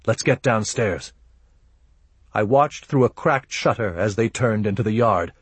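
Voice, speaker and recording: A man reading a first-person audiobook narration in a measured, grim, low-key manner. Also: husky, no echo.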